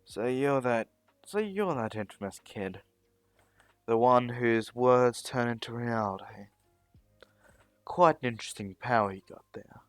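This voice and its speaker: A man voicing an arrogant, gloating male villain in a fan story, mocking his enemies in a slow monologue. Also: mid-range voice, lively intonation, no echo, faint music behind, close to an everyday voice. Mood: amused.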